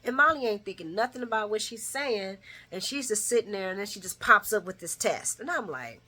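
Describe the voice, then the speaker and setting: A woman recapping a daytime soap in a casual vlog. She talks in an opinionated, chatty way, her voice jumping between loud bursts and quiet low asides, at a middling pitch. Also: expressive, brisk. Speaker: soap opera recap vlogger.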